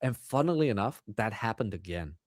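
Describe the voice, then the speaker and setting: A man being interviewed about his book, telling anecdotes in a casual, animated way and acting out the dialogue. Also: fairly low pitch, brisk, no echo. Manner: animated, acts out quoted dialogue. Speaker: author guest.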